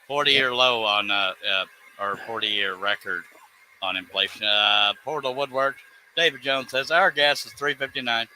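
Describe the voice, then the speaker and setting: A man's voice: mid-range voice, moderate pace, background noise. A man chatting casually on a live stream, easygoing and reading comments aloud. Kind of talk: casual chat.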